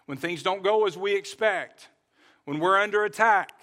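A man's voice: high voice, normal speed, pushed and bright. A man preaching a sermon, earnest, repeating key phrases and restarting now and then. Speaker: pastor.

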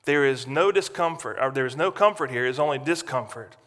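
Bright-voiced preacher in a reverberant hall. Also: male voice, medium pitch, fairly quick. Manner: dramatic, shifting from loud to near-hushed. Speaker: pastor. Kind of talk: sermon.

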